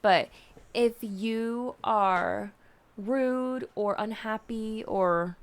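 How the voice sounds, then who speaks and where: A woman co-hosting a podcast, telling stories in a giggly, animated way with many fillers. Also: a little high, drawn-out words. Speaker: podcast co-host. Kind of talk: casual podcast storytelling.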